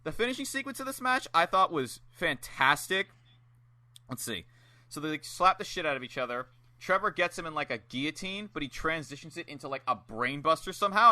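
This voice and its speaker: A young man co-hosting a podcast, chatting casually and excitedly about matches, swearing freely and acting out his own reactions. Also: on the high side. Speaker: podcast co-host. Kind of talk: casual chat reviewing wrestling matches.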